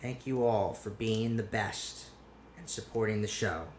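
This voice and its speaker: A man's voice: lowish voice, unhurried, slight background noise. A man hosting a solo podcast in casual chat, rambling with restarts and casual swearing. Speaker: podcast host.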